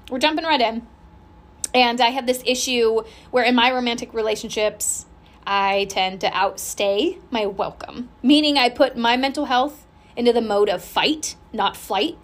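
Woman rambling on her own podcast, candid and bubbly, cusses a lot, voice kinda high. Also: normal speed. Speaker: podcast host. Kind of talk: casual solo podcast chat.

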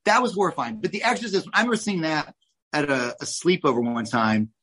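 A man in his forties from Oklahoma, a guest telling lively, salty stories from his childhood in a casual interview. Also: fairly high pitch, brisk, slightly rough, low-quality recording. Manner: animated, swears, acts out quoted voices. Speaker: guest, oral surgeon.

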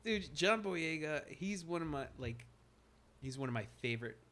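A man's voice: fairly high pitch, animated, moderate pace, a bit bright. A man co-hosting a casual chat about films, enthusiastic and profane, laughing often. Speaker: podcast co-host.

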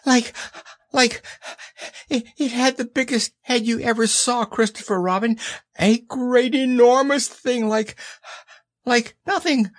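A man voicing a small timid young male piglet, squeaky, stammering and breathless with fright in an audiobook. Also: steady tone, slow pace. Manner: panicky, breathless. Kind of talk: audiobook character voice.

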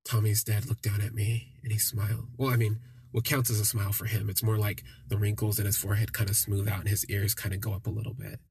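A young man telling a personal story on a podcast, reflective and halting with frequent restarts. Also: on the low side, little pitch movement, creaky, darkish tone, husky, no echo.

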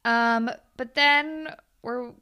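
A woman's voice: on the high side, fairly even intonation, drawn-out words, bright, forceful tone, clean tone. A young woman co-hosting a casual podcast, retelling TV scenes and acting out the characters' lines. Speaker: podcast co-host recapping a TV show. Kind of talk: casual chat.

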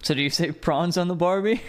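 A man with a slightly high voice joins a casual podcast chat. He jokes and fires off quick, disbelieving questions. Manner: quick, incredulous, joking.

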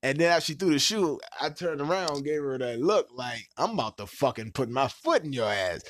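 A man hosting a podcast, telling a story in casual, profane talk and acting out quotes with sudden leaps in pitch. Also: normal speed, no echo. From Washington, D.C. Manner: animated, profane, acts out quotes with big pitch jumps. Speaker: podcast host.

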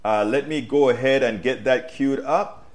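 A man hosting a live-streamed political talk show on a wireless mic, talking to viewers as folks and breaking into loud, emphatic outbursts. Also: medium pitch, moderate pace. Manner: animated, addresses viewers as folks.

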